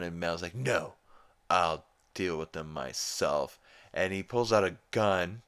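A man's voice: low voice, a bit bright, clear, resonant tone, dry recording. A man hosting a podcast, rambling through a casual episode recap with lots of "um" and "like". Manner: rambling, full of "um" and "like". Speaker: podcast host.

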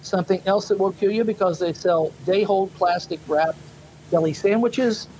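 A man's voice: high-pitched, normal speed, dark tone, slight background noise, low-quality recording. A man co-hosting a casual chat show, rambling and hesitant with many fillers. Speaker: podcast co-host.

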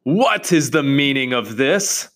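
A man's voice: mid-range voice, lively intonation, takes it slowly, a bit bright. A man reading a cruel tyrant queen, imperious, scornful, storybook read-aloud. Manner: scornful, commanding.

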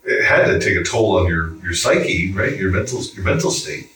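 A man hosting a casual interview, chiming in with quick jokes and questions. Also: low voice, expressive, pushed and bright, distant mic, slight background noise. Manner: quick reactive chimes, jokey. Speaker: podcast host. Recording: roomy sound, mic set back.

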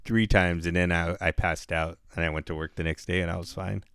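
Low-voiced guy rambling through a story on a podcast, swears a lot, smooth clean voice, dry close mic. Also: level tone, brisk, a bit bright, no room sound. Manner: laid-back, profane, rambling. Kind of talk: casual chat storytelling. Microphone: headphones and studio mic.

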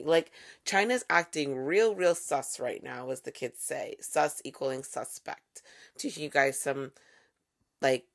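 A woman's voice: extremely low pitch, vocal fry. A woman hosting a podcast, talking in a casual, wry monologue with playful asides. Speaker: podcast host.

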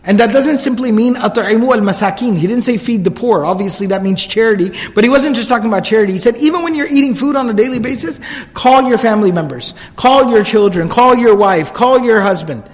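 Fast, high-voiced man lecturing in a reverberant hall. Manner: earnest, explanatory, repeats phrases for emphasis, recites Arabic quotes fluently. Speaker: religious lecturer. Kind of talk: storytelling religious lecture.

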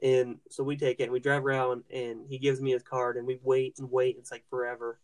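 A man's voice: medium pitch, little pitch movement, fairly quick. A young man in a mid-range voice rambles through a profane anecdote. He restarts his sentences often, and his voice climbs as he gets worked up. He talks in a loose, casual podcast style. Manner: rambling, heavy swearing, frequent restarts. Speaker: podcast host.

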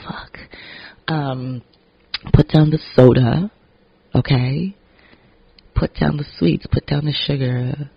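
A man with a raspy voice, talking through a casual vlog monologue in a candid, rambling way with plenty of swearing. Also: mid-range voice, fairly even intonation, slow, pauses often, dry recording, dull audio. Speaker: vlogger and actor.

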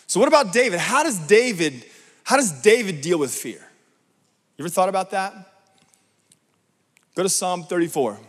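A male pastor delivers a sermon with emphatic drive, pausing to check in with rhetorical questions. His voice sits a little high for a man. The sound carries a long reverb, as if from a large church sanctuary. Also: fairly bright tone.

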